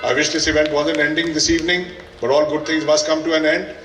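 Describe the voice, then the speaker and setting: Faint music plays behind a man with a high, fairly bright voice as he delivers a valedictory speech in a large school hall. The head of the school, he has an Indian English accent and speaks quickly in a level tone, earnest but dryly humorous, his voice echoing from a distance.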